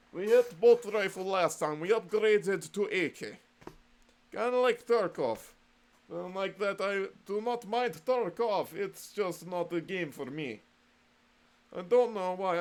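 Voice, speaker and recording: A man doing a put-on Russian accent, playing a comic Russian soldier who talks in broken English and fusses over his rifle with gruff comrade bravado. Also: sits high, pitched above the performer's own voice.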